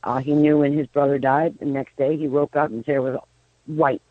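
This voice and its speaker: A psychic medium in her fifties rambles through stories on a radio phone-in, frequently restarting what she's saying. Her voice sits low, and her delivery is flat at a moderate pace. Heard via telephone, the dry recording has a tinny phone-line quality.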